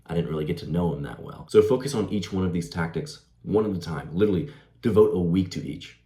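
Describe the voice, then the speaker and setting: A man's voice: low-pitched, quick pace, dark tone. A young man giving casual self-improvement advice in a laid-back way, dropping "bro" and "like" as he talks. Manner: laid-back, says "bro" and "like", laughs easily. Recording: roomy echo.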